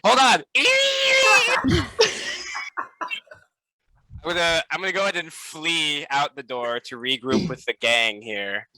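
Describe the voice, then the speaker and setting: Casting: male player, bright crisp voice, rambling self-mocking banter. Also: mid-range voice, steady tone, normal speed, few pauses, poor audio. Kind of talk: casual game chat.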